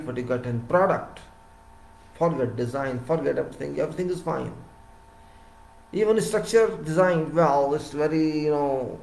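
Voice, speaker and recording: A man with an Indian English accent giving a lecture-style talk on civil engineering, emphatic and repeating words, his voice rising loud and dropping soft. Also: fairly high pitch, gravelly, reverberant, poor audio.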